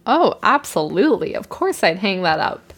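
A woman's voice: medium pitch, very animated, moderate pace. A Canadian woman co-hosting a podcast, recapping a show with wry, playful remarks. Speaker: podcast co-host. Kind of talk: casual chat recap. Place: room at home.

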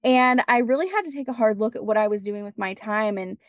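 A woman guest on a podcast interview, telling her story in a casual, animated way and acting out bits of dialogue. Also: on the high side, a little fast, dry recording, clean studio sound. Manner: animated, acts out dialogue, laughs often. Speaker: podcast guest, business strategist.

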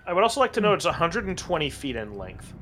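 Teasing guy at a tabletop game, slightly high bright voice. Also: very animated, quick pace. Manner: wry, teasing. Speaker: player.

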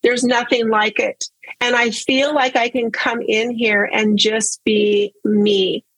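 A woman's voice: on the high side, level tone, slow pace, fairly bright tone, husky, dry recording, low-quality recording. A woman telling her personal story in casual conversation, earnest and open, often repeating words for emphasis. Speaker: guest sharing her story.

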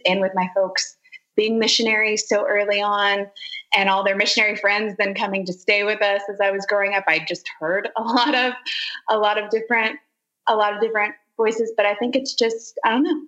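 Brief: animated guest, a woman of middle pitch who voices characters, chatty and quick to laugh. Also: lo-fi sound. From Zimbabwe. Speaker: guest, voice actor. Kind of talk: casual interview.

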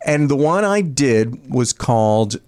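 A man's voice: mid-range voice, expressive, slow, a little mellow, clean tone. A man appearing as a guest on a comedy podcast, telling an anecdote with frequent laughs and self-mockery. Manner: laughing, self-deprecating storytelling. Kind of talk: casual comedy podcast chat.

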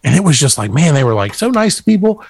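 A man's voice: a little high, big pitch swings, fast talker, vocal fry, no room sound. A man from the American South co-hosting a casual chat, joking and putting on voices for the people he quotes. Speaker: podcast co-host.

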